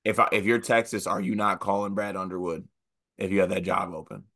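A young man co-hosting a casual sports podcast, animated and joking, mocking coaches with put-on quotes. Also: low voice, a little fast. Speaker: podcast co-host.

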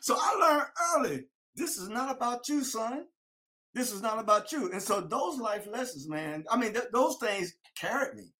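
Man, high pitch, lively rising and falling delivery, storytelling interview. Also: moderate pace. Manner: animated storyteller, acts out his old coach. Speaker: former football player.

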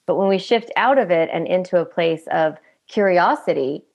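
A woman's voice: lowish voice, normal speed, gravelly, highs cut off. A middle-aged woman, a parenting coach, talking in a podcast interview and acting out parents' voices as she explains. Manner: animated, acts out parents' voices in quotes.

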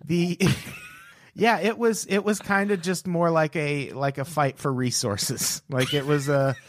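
A man's voice: on the high side, fairly even intonation, measured pace. A man co-hosting a podcast in casual comedic chat, dryly amused as he reads news quotes aloud. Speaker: podcast co-host.

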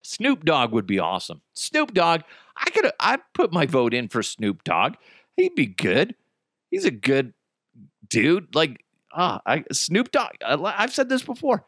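A man's voice: a little high, wildly swooping pitch, measured pace, fairly bright tone, dry recording, clean studio sound. An American man hosting a podcast, chatting in a casual, jokey and profane rant. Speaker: podcast host.

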